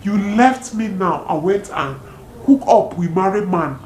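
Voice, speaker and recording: A woman's voice: mid-range voice, animated, a little slow, darkish tone. A woman talking in a teasing, casual way. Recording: echoey room with faint background noise.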